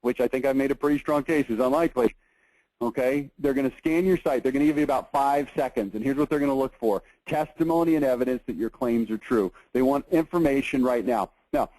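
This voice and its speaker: A man giving a lively marketing seminar lecture, emphatic and animated, often checking in with "okay?". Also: medium pitch, brisk, no room sound, poor audio.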